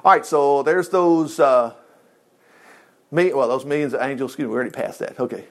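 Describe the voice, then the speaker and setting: A man's voice: mid-range voice, fairly quick. An older man preaching a sermon, reading Bible verses aloud and commenting in a folksy, joking, conversational way.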